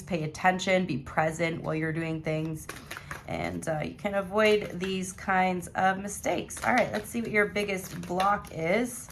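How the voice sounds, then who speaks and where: A woman's voice: on the low side, slight background noise. A young woman giving a casual monthly tarot reading to her viewers, chatty and rambling as she talks straight to them. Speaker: tarot reader.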